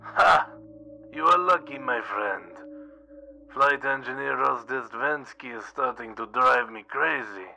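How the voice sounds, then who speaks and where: A man's voice: medium pitch, lively intonation, slow pace, vocal fry, sharp tone, soft background music, voice pushed up, full character voice, poor audio. A man voicing a jovial Soviet cosmonaut commander talking over the radio in a horror story, hearty and concerned.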